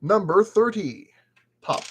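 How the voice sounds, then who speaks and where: A man's voice: high-pitched, expressive, slow, breathy edge. Playful man chatting through a build. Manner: playful, talks to the parts as he works. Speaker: model kit builder. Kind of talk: casual build commentary. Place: at a work table.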